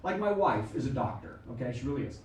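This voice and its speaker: Animated american comedian in an echoey theatre. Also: male voice, fast. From United States. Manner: animated, exaggerated, acts out shrill voices. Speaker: stand-up comedian. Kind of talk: stand-up comedy set. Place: small comedy theatre stage. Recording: echoey room mic'd from a distance. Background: audience laughter.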